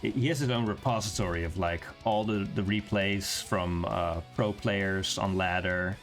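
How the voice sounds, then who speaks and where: A man's voice: low-pitched, fairly even intonation, moderate pace, faint music behind. A man co-hosting a game league stream, talking casually and rambling with frequent self-corrections. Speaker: league organizer and co-host.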